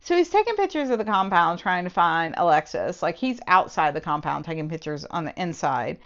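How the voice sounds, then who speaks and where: A woman's voice: on the low side, sing-song, a little fast, highs cut off. A woman casually recapping and reviewing a novel with a sarcastic, exasperated manner. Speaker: book reviewer. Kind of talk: casual spoken book review.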